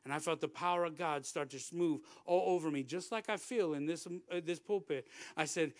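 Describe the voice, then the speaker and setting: A middle-aged man preaching from a pulpit, telling a story in a conversational way, repeating words and often dropping to a hushed tone. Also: a little high, unhurried, few pauses, dry recording. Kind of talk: sermon storytelling. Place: church.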